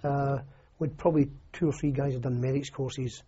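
A man's voice: medium pitch, steady tone, moderate pace, warm tone, breathy edge. An older Scottish man, an army veteran, recalling his service in a rambling, anecdotal oral history interview full of "you know" and restarts. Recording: muffled lo-fi recording.

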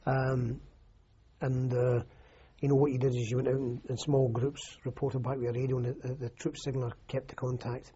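Interviewed for an oral history, an older Scottish veteran rambles through army anecdotes, often restarting and circling back with "you know." His very husky, mellow voice is mid-range and level at a normal speed, heard through a dull, muffled old recording.

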